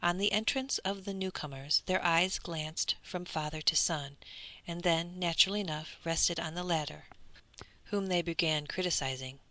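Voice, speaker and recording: Bright, low-pitched woman reading a novel. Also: moderate pace, no room sound. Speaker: audiobook narrator. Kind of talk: scripted audiobook narration.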